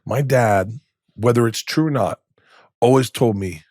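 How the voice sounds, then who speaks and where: A comedian telling animated stories in a podcast interview, acting out relatives in hushed voices. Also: male voice, medium pitch, unhurried, pauses often, dry recording, clean studio sound. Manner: acts out quoted relatives in hushed voices, laughs while telling. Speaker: comedian guest. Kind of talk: animated storytelling.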